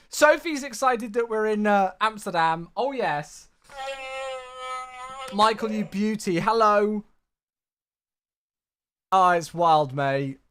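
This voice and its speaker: Male streamer, casual and chatty, pitch bouncing around a lot. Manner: chatty, thanks viewers warmly by name, says "mate" a lot. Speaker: flight sim streamer. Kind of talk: casual live-stream chat.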